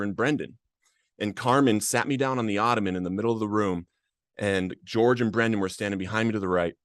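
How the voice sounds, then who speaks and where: A man's voice: lowish voice, dry recording, studio quality. A man hosting a podcast, telling his own addiction recovery story in an earnest, emotional way. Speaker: podcast host. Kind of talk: personal recovery testimony.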